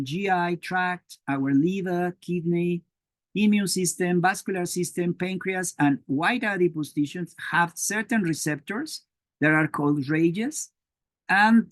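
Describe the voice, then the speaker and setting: Slow, halting male lecturer, dry sound. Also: a little high, no echo. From Mexico. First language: Spanish. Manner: halting, many "uh" fillers and restarts. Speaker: biochemistry lecturer. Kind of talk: academic lecture.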